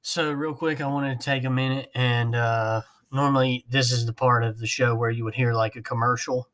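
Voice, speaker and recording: A man's voice: medium pitch, fairly even intonation, moderate pace, a bit bright. Rambling man hosting a podcast. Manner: rambling, self-mocking, with fillers and laughs. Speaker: podcast host. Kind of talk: casual podcast chat.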